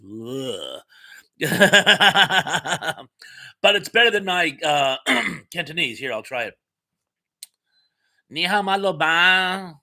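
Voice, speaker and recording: Bright-voiced chatty male live-stream host. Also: mid-range voice. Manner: chatty, rambling, reads comments aloud with frequent fillers and laughs. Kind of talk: casual live chat.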